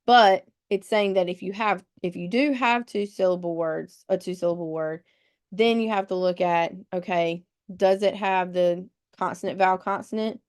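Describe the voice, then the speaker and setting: A woman's voice: fairly low pitch, fairly even intonation, normal speed, clear, resonant tone. A woman leading a test-prep webinar, patiently explaining rules step by step and spelling words out letter by letter. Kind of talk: live webinar teaching.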